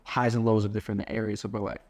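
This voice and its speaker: A man co-hosting a podcast in casual chat, telling lively stories and acting out what people said to him. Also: fairly low pitch, very fast. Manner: storytelling, quotes people in animated voices. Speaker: podcast co-host.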